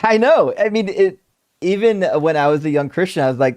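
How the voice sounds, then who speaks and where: A man hosting a live debate stream, reading viewer messages aloud in casual, animated, profane talk with sarcastic asides. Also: on the high side, brisk. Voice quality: gravelly. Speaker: debate stream host reading super chats.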